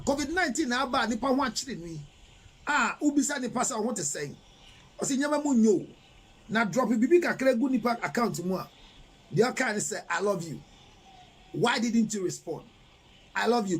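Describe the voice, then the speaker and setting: Husky high-voiced Ghanaian counselor. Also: male voice. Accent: Ghanaian English. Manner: emphatic, lecturing, rhetorical questions. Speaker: relationship counselor. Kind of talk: live-stream advice talk, reading viewer messages.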